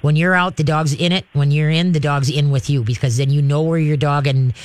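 Middle-aged male dog trainer, chatty and rambling, a touch high, dry. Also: steady tone, a little fast, no room sound. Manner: chatty, rambling, many "you know"s. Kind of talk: call-in advice.

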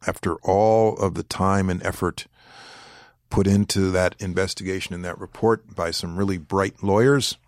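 Deep-voiced man, measured and deliberate. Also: fairly even intonation, no room sound, clean studio sound. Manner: deliberate, weighs words, pauses to choose phrasing. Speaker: former government official, interview guest. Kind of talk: measured interview answers.

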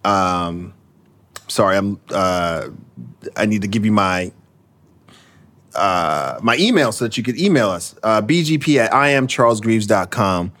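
A male podcast host talks in a loose, joking way, full of fillers and quick laughs. His pitch swings widely as he riffs. It sounds like relaxed conversational banter. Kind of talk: casual chat.

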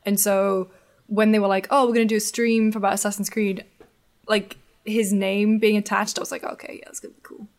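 A woman's voice: medium pitch, little pitch movement, normal speed. A woman from the north of England talks with a mixed accent that has picked up American traces. She co-hosts a casual podcast chat, chatty and self-deprecating, trailing off with ums. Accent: mixed Northern English with American traces. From Newcastle, north of England. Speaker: podcast co-host.

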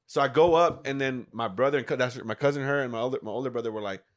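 A man in his thirties telling a story in casual podcast talk, animated and full of swearing. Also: mid-range voice, fast talker. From United States. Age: 30s. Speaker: podcast guest.

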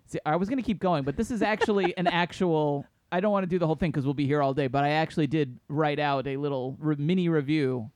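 A man's voice: fairly high pitch, fast, few pauses, a little mellow, no room sound, studio quality. Jokey man hosting a film podcast. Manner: jokey, self-mocking banter. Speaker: podcast co-host. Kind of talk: casual film review chat. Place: New York City studio.

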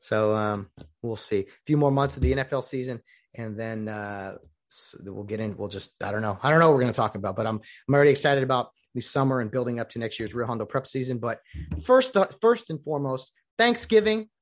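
A man hosting a casual solo show, rambling and acting out the lines he quotes. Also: medium pitch. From United States. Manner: rambling, animated, acts out quoted dialogue. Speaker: podcast host.

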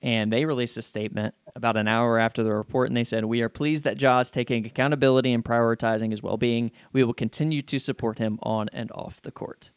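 A man co-hosting a podcast in casual sports chat, speaking in a measured way and reading statements aloud. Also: mid-range voice, steady tone, smooth, dry recording, clean studio sound. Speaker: podcast co-host.

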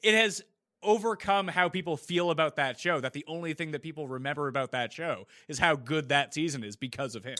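A man's voice: on the high side, a little fast, pushed and bright. A man co-hosting a podcast, chatting casually and giving blunt, opinionated takes. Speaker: podcast co-host. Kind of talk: casual chat.

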